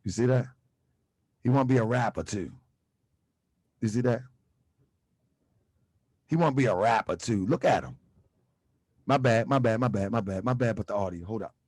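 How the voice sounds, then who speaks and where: With a lowish, darkish voice recorded cleanly in a studio with no room sound, this man hosts a channel offering exposé commentary on video clips. He speaks at a normal pace with long pauses, using slang and driving his points home through repeated rhetorical questions.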